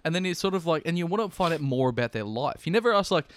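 A man's voice: on the high side, animated, very fast, slight background noise. A young Australian man co-hosting a casual comedic podcast, rambling and laughing often as he talks. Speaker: podcast co-host.

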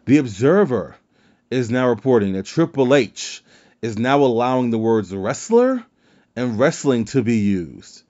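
A man's voice: mid-range voice, animated, unhurried, dark tone. A man hosting a wrestling podcast in casual chat, rambling and swearing freely. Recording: dull lo-fi sound.

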